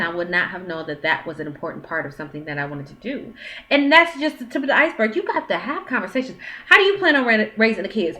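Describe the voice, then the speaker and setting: A woman's voice: mid-range voice, big pitch swings, fast, sharp tone, a little hiss or hum. A woman in her thirties giving dating advice straight to camera at home, in a frank, chatty way. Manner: frank and chatty, with quoted dialogue and questions. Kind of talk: casual advice monologue. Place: at home, with her child nearby.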